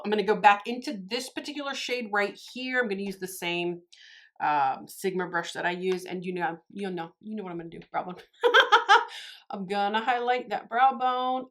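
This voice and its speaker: A woman's voice: mid-range voice, normal speed, fairly bright tone. A woman chatting her way through a makeup tutorial, gushing and talking straight to her viewers. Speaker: beauty vlogger. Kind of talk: casual makeup tutorial chat.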